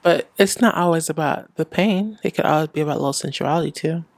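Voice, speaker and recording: A woman's voice: low voice, fast. Frank, blunt young woman giving advice. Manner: frank and blunt, acts out little dialogues. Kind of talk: casual vlog advice.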